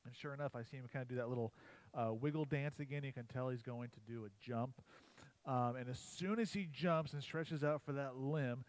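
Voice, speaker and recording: A man's voice: medium pitch, brisk, poor audio. A man with a mid-range voice tells a hunting story and a joke on a church livestream, chatty and rambling. He leans on filler words as he goes. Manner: rambling, uses "like" often, chatty. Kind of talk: casual storytelling and joke-telling.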